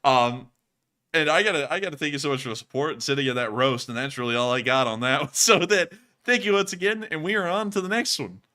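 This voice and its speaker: A man hosting a livestream Q&A, casual and quick to laugh, repeating the same sign-off phrases. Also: fairly high pitch, bright, forceful tone. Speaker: host.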